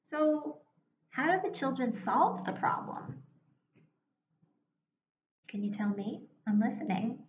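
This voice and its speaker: Slow, encouraging woman teaching young children. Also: sits high, expressive. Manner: slow, clear and encouraging, pausing for answers. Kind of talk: recorded remote reading lesson for young children. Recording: echoey room, dull sound, faint hiss.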